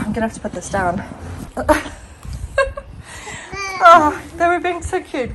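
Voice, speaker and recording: A woman's voice: a little high, expressive, fairly quick, pauses often. Chatty, giggly woman filming in her garden. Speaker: dog owner and vlogger. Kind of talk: casual vlog talk to viewers. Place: home garden outdoors. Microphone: handheld phone. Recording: noisy outdoor phone recording.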